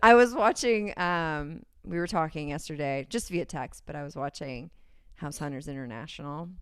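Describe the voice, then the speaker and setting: A woman's voice: deep voice, normal speed, clear, resonant tone, no room sound, studio quality. A woman with a Californian accent, a podcast guest who rambles and giggles through casual chat, full of ums. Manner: rambling, giggly, many fillers.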